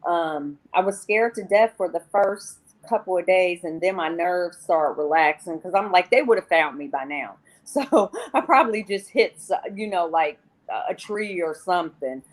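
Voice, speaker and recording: A woman's voice: on the low side, moderate pace. A woman guest on an interview show, telling her personal recovery story in a candid, rambling way and often quoting herself.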